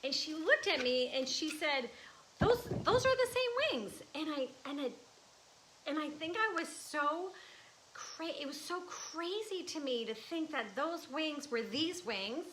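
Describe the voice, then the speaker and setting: A woman's voice: high-pitched, animated, a little slow, pushed and bright, a little hiss or hum, poor audio. Chatty emotional woman in her fifties. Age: 50s. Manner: chatty and emotional, with laughs and restarts. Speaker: artist. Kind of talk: casual livestream chat. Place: home art studio.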